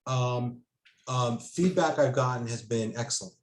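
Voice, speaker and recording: A man at a middle pitch, talking casually as an author and guest. He hesitates often, stacking ums and starting sentences over. His voice rings with noticeable room echo. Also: a little slow, a little hiss or hum. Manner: hesitant, many fillers and restarts. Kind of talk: casual conversation. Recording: roomy echo.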